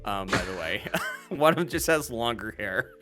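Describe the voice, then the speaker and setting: A man's voice: lowish voice, animated, moderate pace, bright, forceful tone, faint music behind. A man narrating as game master in casual play, rambling with many fillers.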